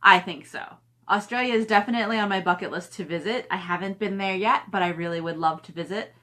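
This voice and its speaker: A woman's voice: medium pitch, fast, fairly bright tone. Middle-aged woman, author on a home livestream, chatty and friendly-paced, mid-range voice, coos at her dog. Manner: chatty, reads viewer comments aloud and coos at her dog. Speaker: author hosting a live stream. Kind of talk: casual live-stream chat.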